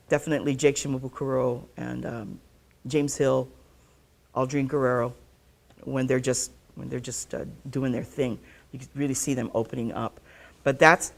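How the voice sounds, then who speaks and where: Woman ukulele teacher, a bit gravelly, patient, keeps saying okay and counting beats out loud. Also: low-pitched. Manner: patient, repeats phrases, checks in with "okay?"; counts beats aloud while playing. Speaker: ukulele instructor. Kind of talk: live online music lesson.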